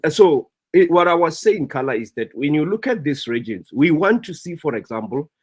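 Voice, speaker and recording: A man's voice: fairly high pitch, sing-song, moderate pace, breathy edge. South African man arguing on a panel. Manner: repeats himself, stumbles, pleads to be heard. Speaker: panel guest. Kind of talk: online panel debate.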